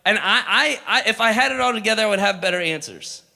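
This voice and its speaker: Long hall reverb surrounds a youth ministry speaker in his thirties whose high, gravelly voice sounds pushed and bright. Animated and quick-paced, he gives a humorous youth sermon, telling jokes and stories and calling out for the crowd to answer back.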